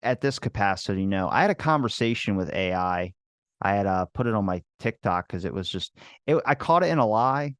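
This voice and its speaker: Lowish-voiced man, casual and profane. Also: fairly quick, no room sound, studio quality. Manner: animated, profane storyteller. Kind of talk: casual podcast chat.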